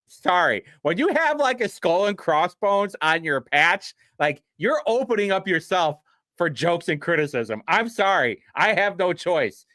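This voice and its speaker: A man's voice: sits high, very animated, a little slow, sharp tone, no echo, clean studio sound. A young man hosting a casual live stream, rambling and mocking with frequent laughs. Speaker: streamer host.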